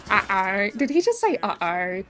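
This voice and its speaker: A young Australian woman streams a game, chatting casually with lots of fillers and frequent swearing. She speaks at a moderate pace with a medium-pitched voice.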